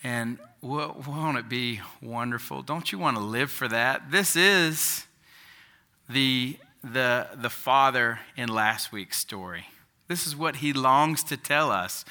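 Bright-voiced preacher asking questions. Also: male voice, medium pitch. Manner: conversational preaching with rhetorical questions. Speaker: pastor. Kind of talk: sermon.

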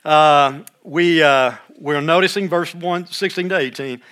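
An older man teaching a Bible study like a sermon, reading scripture aloud more loudly and dropping into quiet asides, often clearing his throat. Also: on the high side, a little slow.

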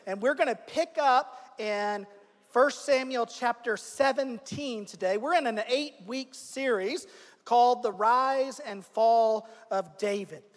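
A man's voice: very high voice, slow pace. A man, the pastor hosting the service, introducing the sermon and a guest speaker in an upbeat, welcoming manner. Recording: long hall reverb.

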